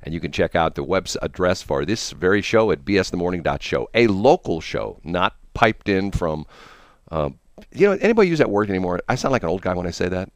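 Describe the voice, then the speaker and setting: A middle-aged man hosts a morning radio show with a very low, deep voice. He rambles through anecdotes stuffed with fillers and asides. The studio mic sounds close and dry. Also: animated, fairly quick, no echo. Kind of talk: casual on-air chat and storytelling.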